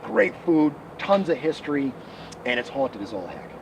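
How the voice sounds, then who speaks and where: A man who researches the paranormal, telling ghost stories in an animated interview outdoors by a rural road. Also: fairly high pitch, vocal fry. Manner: animated, quick storytelling. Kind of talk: storytelling interview. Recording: distant mic, outdoor traffic noise.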